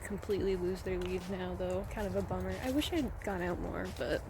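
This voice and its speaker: A woman's voice: lowish voice, brisk, background noise. A woman chatting casually in a vlog, rambling and self-deprecating, often a bit out of breath. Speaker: vlogger. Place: at home crafting, later outdoors on a walk.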